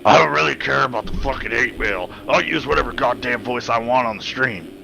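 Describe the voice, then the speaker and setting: A man's voice: medium pitch, fairly quick, gravelly, slight background noise, rough recording. A man giving casual, joking play-by-play commentary on a simulated motocross race, swearing freely. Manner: joking, profane, excitable.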